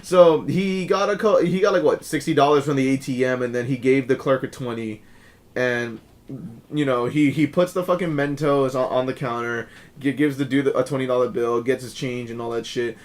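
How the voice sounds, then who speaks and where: A young man co-hosting a casual podcast, telling stories in a profane, animated way with frequent laughs. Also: mid-range voice, moderate pace. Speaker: podcast co-host. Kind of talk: casual chat. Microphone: shared podcast mic.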